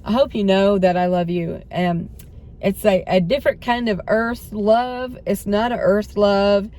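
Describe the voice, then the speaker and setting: A hoarse middle-aged woman vlogging in a rambling, self-doubting way, laughing between thoughts and often trailing off. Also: mid-range voice, unhurried, warm tone. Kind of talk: rambling spiritual vlog chat.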